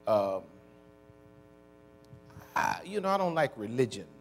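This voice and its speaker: A man's voice: medium pitch, sing-song, slow pace, a little hiss or hum. A man preaching a conversational sermon to a congregation, drawing call-and-response and using folksy words like y'all and ain't. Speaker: pastor. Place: church before a congregation.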